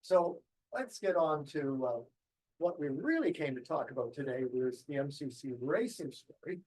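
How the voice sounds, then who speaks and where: Man, club presentation, anecdotal, rambling, slightly high-pitched. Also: expressive, normal speed, darkish tone, rough recording. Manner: rambling, anecdotal, with frequent ums and restarts. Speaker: guest speaker.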